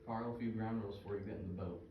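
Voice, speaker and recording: A man's voice: lowish voice, fairly even intonation, racing, narrow, tinny audio, lightly acted. An actor playing Mike, a chatty middle-aged fisherman who tells jokes and fish trivia in a comedy skit. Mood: folksy. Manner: folksy, joke-telling, full of trivia. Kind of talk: scripted comedic dialogue. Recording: roomy, distant, noisy stage recording.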